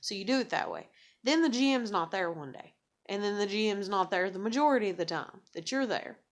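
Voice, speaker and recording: A woman's voice: medium pitch, expressive, a little fast. A young adult woman venting in a rambling, profane monologue, full of "like" and "you know", sarcastic and self-mocking. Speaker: vlogger.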